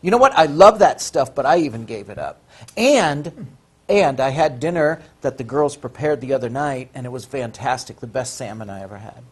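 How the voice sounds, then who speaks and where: A man's voice: mid-range voice, expressive, moderate pace, husky. A man chatting as a talk show guest, playful and joking. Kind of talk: casual panel chat.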